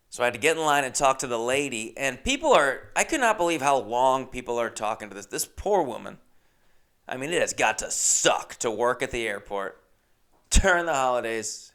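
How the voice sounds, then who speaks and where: A young man hosting a podcast, telling a casual story with lively asides, acting out other people's lines and swearing freely. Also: medium pitch, smooth. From Los Angeles. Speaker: podcast host.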